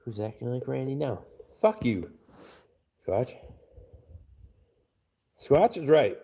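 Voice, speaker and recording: Man, gravelly voice, lively pitch swings, crude and profane live stream chatter. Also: slow. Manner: crude, blunt, swears constantly. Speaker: live streamer reading chat.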